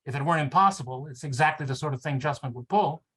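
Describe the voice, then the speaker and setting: A man's voice: on the high side, quick pace, a bit bright, slightly rough. A man reading the lines of a commanding lead actor in a novel excerpt. He speaks in an authoritative way. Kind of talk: read-aloud novel excerpt.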